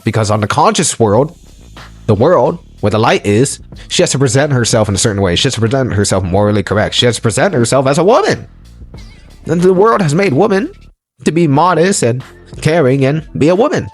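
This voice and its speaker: A man delivers an audio lecture in an emphatic, preachy way and drives each point home by repeating it. His voice sits at an ordinary pitch for a man. Soft music plays faintly behind him. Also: slightly rough. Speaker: lecturer on relationships.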